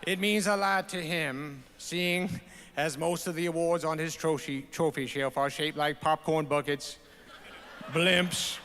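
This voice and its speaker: A man reading a comic roast letter aloud in a put-on Southern accent, with a slow, drawn-out delivery at an awards ceremony. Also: high voice, vocal fry, bright, forceful tone, a little hiss or hum, full character voice. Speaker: award recipient. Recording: reverberant awards hall, faint ambience.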